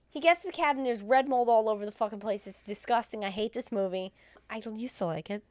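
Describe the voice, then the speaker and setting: A woman co-hosting a podcast, retelling a film in a casual, profane, animated way and acting out the characters' lines. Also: a little high, dry recording. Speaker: podcast co-host recapping a film. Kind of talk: casual chat.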